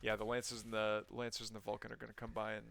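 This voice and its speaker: A man giving relaxed color commentary on a strategy game match, often hesitating and hedging his opinions. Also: fairly low pitch, fast, vocal fry. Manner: relaxed, hesitant, many ums and likes. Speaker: co-caster.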